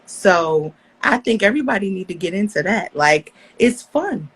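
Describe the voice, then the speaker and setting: A woman guest in a casual podcast chat, animated and confident. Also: medium pitch, normal speed, slightly rough, low-quality recording.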